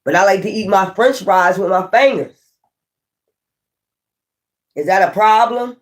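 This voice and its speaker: A tarot reader giving a casual reading who laughs often, swears freely and acts out imagined people in quick asides. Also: mid-range voice.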